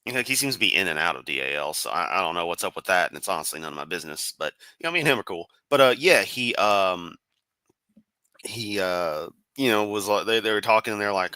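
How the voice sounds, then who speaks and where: A man's voice: deep voice, lively intonation, fast, pushed and bright, no echo. A man giving sarcastic, profane, rambling commentary on a live stream.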